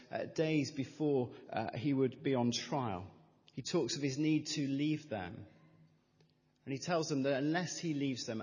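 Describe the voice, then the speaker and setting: A middle-aged male pastor preaches a sermon at an unhurried pace. His delivery is measured and emphatic, leaning on repeated phrases. The voice carries a long reverberant tail from a church hall. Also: mid-range voice, a little mellow.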